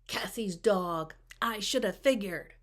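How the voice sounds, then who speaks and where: A woman's voice: mid-range voice, takes it slowly, fairly bright tone. A woman voicing a strict, no-nonsense woman principal who scolds firmly, in a storybook read-aloud. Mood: stern. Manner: firm, scolding.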